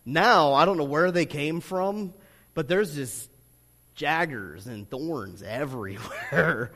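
A male pastor with a fairly high voice delivers a sermon in a loose, chatty manner full of fillers, now and then pushing into loud, emphatic stretches. His voice rings through a large church hall with a long reverb tail. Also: moderate pace. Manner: conversational preaching full of "you know" fillers, rising to loud emphatic bursts.

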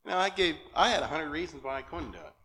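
A nervous man speaking as a lay preacher at a church, earnest and halting, often checking in with "okay?". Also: on the high side, animated, bright, forceful tone. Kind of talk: sermon. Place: church sanctuary.

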